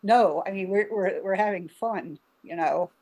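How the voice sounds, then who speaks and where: Hosting a laid-back group video call while ill with covid, an Arkansas woman chats and laughs, filling her talk with fillers. She has a medium-pitched, mellow voice and an unhurried pace.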